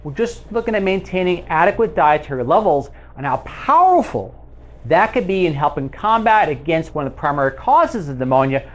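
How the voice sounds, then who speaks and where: A man's voice: on the high side, very animated, moderate pace. A man hosting a health video, reading out a research summary and commenting on it with casual, self-correcting asides.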